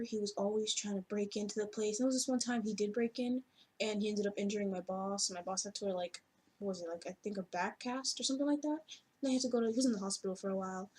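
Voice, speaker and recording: A woman with a husky, slightly breathy voice recounts a story in a loose, conversational ramble. Her pitch sits in an ordinary middle range, and she sprinkles her talk with fillers and casual curses. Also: a little mellow. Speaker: vlogger telling a story.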